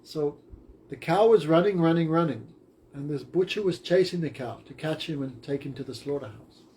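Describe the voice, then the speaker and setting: A man's voice: fairly high pitch, moderate pace, darkish tone. A man teaching a class, retelling a story in simple, short phrases.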